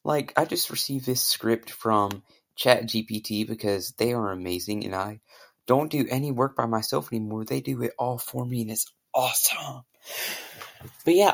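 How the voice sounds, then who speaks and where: A man's voice: mid-range voice, creaky, slightly rough. A man hosting a podcast, chatting casually in a sarcastic, playful way. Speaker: podcast host. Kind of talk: casual joking chat.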